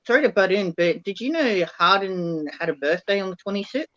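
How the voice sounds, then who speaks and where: A man's voice: high voice, lively intonation, a bit bright, dry recording, lo-fi sound. A man co-hosting a stream, teasing and butting in with jokes. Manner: teasing, jokey, quick to butt in. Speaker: co-host. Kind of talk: casual banter.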